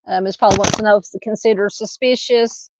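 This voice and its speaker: A woman's voice: mid-range voice, steady tone, brisk, dull audio, background noise. A woman with a Southern US accent hosting a casual true crime live stream, rambling and chatty as she talks with viewers. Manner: rambling, chatty, lots of "you know" fillers.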